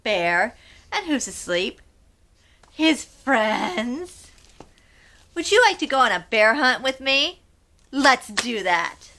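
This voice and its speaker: A woman's voice: fairly high pitch, sing-song, slow, long pauses, sharp tone. A woman hosting children's storytime, reading aloud expressively in a sing-song way and asking the kids questions. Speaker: storytime host.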